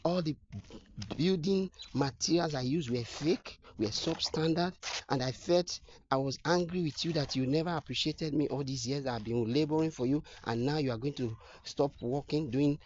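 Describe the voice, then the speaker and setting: A man's voice: on the high side, normal speed, darkish tone, a little hiss or hum, pitched above the performer's own voice, close to an everyday voice. A man voicing a resentful male builder who speaks in a bitter, aggrieved way, on a slightly muffled recording. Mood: confessing.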